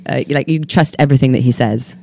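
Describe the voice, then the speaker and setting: A woman guest on a podcast, answering in a relaxed, agreeable, soft-spoken way. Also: a bass voice, quick pace, vocal fry, no room sound, studio quality. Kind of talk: casual interview.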